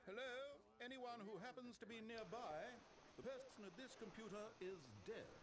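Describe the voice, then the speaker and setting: An actor playing a sardonic, condescending video game narrator who talks in a dry, mocking, exasperated way. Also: male voice, on the low side, poor audio.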